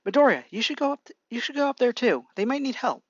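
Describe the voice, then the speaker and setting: A reader voicing an urgent young girl hero in a raised, hurried voice, reading amateur fan fiction. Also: medium pitch, very animated, no echo, lo-fi sound, pitched above the performer's own voice. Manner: raised, hurried character voice with repeats.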